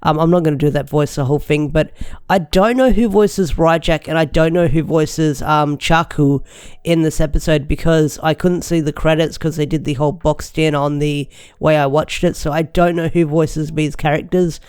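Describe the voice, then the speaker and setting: A man's voice: on the high side, fairly even intonation, normal speed, darkish tone, clear, resonant tone, no room sound, clean studio sound. A young man chatting enthusiastically as he reviews an episode, rambling with restarts. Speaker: show reviewer. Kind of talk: casual video review.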